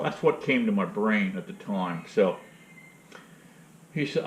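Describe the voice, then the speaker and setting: A man's voice: on the low side, lively intonation, measured pace, pauses often, mellow. A man hosting an outdoor channel, telling a rambling, blunt story in a casual monologue. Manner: rambling, blunt, retells conversations. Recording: roomy, dull lo-fi sound.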